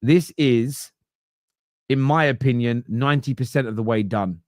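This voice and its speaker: A man's voice: mid-range voice, moderate pace, no room sound, studio quality. A man hosting a fan podcast, ranting in an emphatic, sarcastic way. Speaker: podcast host. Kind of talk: opinionated fan podcast rant.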